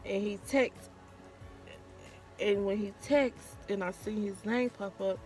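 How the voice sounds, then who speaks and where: A woman's voice: medium pitch, takes it slowly, a little mellow, faint music behind. A woman vlogger, telling a candid, profane story in casual storytime style. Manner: candid, profane, acts out quotes.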